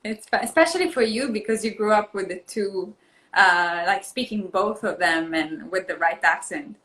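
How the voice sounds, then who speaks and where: A woman's voice: medium pitch, moderate pace, poor audio. A woman in her thirties with an Italian accent, chatting casually and laughing during a live stream. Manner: laughing, animated storytelling. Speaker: actress hosting a live stream. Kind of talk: casual chat.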